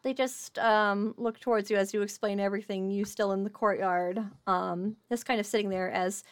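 A woman game master narrating a tabletop role-play, animated and giggly, with lots of fillers. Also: mid-range voice, moderate pace, smooth.

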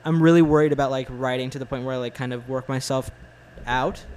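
A man's voice: mid-range voice, steady tone, darkish tone, rough recording. Guy in his 20s, casual blunt chat, lots of likes and uhs, faint hiss behind. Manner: halting, full of "like" and "uh", blunt opinions. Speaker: film fan in conversation.

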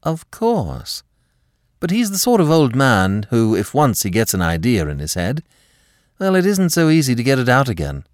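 A man voicing an anxious, restless young wife in an audiobook reading, raising his voice higher and speaking quickly. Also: huge pitch swings, no echo, studio quality. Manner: nervy, quick, higher pitched.

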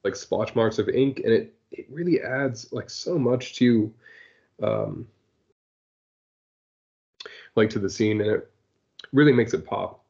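A fairly low-voiced man with a gravelly edge chats on a podcast, circling his thoughts with constant "like"s and restarts. The recording is somewhat dull and muffled. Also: a little mellow. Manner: halting, full of "like" and restarts. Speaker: podcast co-host. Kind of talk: casual chat.

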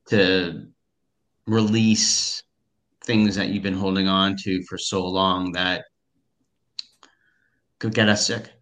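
A man's voice: deep voice, sharp tone. A man speaking as an interview guest, reflective and rambling with many fillers. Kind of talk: casual interview chat.

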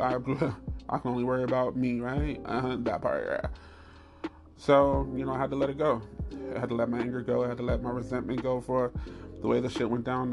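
A man hosting a podcast, telling a story in a candid, animated and profane way. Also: gravelly. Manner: animated, profane storytelling with high squeals and laughs. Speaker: podcast host.

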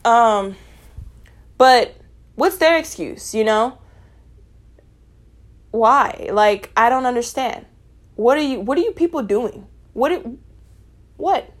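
A young woman with a fairly high voice delivers a heated personal rant straight to her viewers. She is blunt and profane, and she talks to her audience as "y'all" with open exasperation. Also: lively intonation, takes it slowly, pauses often. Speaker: vlogger. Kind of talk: angry personal rant to camera.

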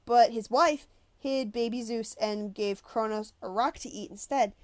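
A woman's voice: fairly high pitch, a little slow, darkish tone, dry recording, lightly acted. A woman reading a novel aloud and voicing a flustered twelve-year-old schoolboy who answers eagerly but hesitantly.

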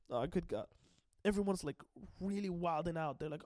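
A man giving an excitable, casual recap, swearing freely and often stumbling and restarting. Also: high voice, normal speed. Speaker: anime and manga recap host.

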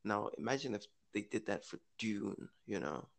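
A man's voice: on the low side, lively intonation, moderate pace, gravelly. A man co-hosting a casual podcast chat, musing aloud, correcting himself and laughing easily. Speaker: podcast co-host.

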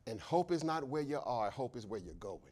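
A man preaching a sermon, impassioned and shouting at the peaks, asking questions and answering them himself, and telling stories with acted voices. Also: mid-range voice, sing-song, fairly quick. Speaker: pastor.

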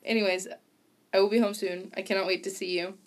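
A woman's voice: mid-range voice, flat delivery, fast talker. Bubbly young woman podcast host. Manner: bubbly, giggly, affectionate. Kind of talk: casual chat.

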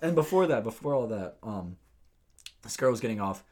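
A young man with a husky, somewhat low voice, chatting as a podcast co-host. He tells stories with lots of swearing and laughter, drifting between loud and mumbled asides. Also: fairly quick. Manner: swears a lot, laughs often, animated storytelling. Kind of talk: casual chat.

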